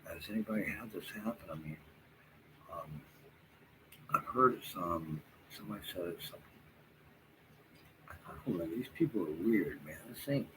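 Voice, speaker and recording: Weary deep-voiced man rambling. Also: expressive. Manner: halting, many fillers and restarts, drops to near whispers. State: tired. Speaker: vlogger talking to viewers. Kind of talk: rambling casual monologue. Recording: noisy room background.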